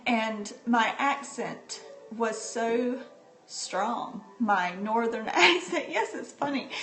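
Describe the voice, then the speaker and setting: Slow-talking, chatty woman on a livestream. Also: fairly high pitch, fairly bright tone, a little hiss or hum. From North Carolina, USA. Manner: chatty and unhurried, laughs often while talking. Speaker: livestream host. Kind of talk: casual chat to viewers. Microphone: phone or tablet held by the speaker. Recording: roomy livestream phone audio.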